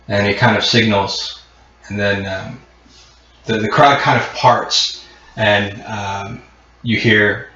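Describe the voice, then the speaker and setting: Game master in an echoey room. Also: male voice, on the low side, fairly even intonation, slow pace, long pauses, bright, forceful tone, muffled recording. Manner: rambling, with many fillers. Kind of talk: narrating a tabletop game.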